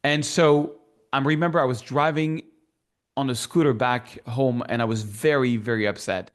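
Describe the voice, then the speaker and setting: Animated French-accented man telling his story. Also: mid-range voice, normal speed. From France. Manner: animated storyteller who acts out remembered dialogue. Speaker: guest. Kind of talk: casual interview storytelling.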